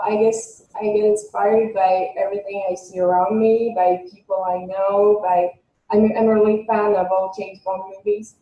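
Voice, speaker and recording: A woman with a French accent, a guest author chatting in an interview, speaking hesitantly with many pauses and fillers. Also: mid-range voice, mellow, reverberant, poor audio. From France. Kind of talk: casual interview chat.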